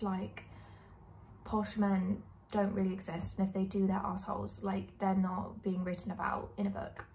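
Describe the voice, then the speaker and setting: A chatty young woman in her twenties talks straight to camera in a relaxed vlog. Her speech is candid and rambling, full of fillers. A faint hiss sits under her voice. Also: mid-range voice, moderate pace. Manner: chatty, candid, lots of likes and ums. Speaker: book vlogger. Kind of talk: casual chat.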